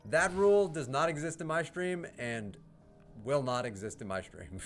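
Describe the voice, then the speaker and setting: Male streamer, casual and profane, talking over quiet game music. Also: on the high side. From United States. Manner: profane, heated ranting with laughs. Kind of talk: casual live-stream chat.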